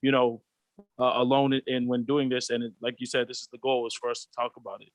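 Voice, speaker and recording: A mid-range, level-toned voice belongs to a Pacific Islands man speaking fast, with no echo, as a panel guest over video call. In this candid discussion he's earnest and reflective, voicing the people he quotes.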